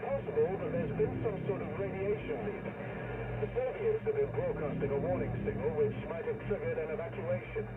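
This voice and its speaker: A man's voice: high voice, sing-song, a little fast, long pauses. An actor playing a hesitant male station radio operator speaking over a radio transmission in a video game. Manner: formal radio procedure, hesitant. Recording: tinny radio line with music.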